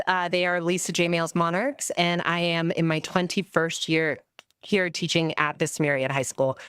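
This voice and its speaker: A woman in her forties, a high school teacher and mother, speaking earnestly and directly during public comment at a school board meeting. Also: a bit bright, smooth, no room sound, clean studio sound. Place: public meeting room at a podium.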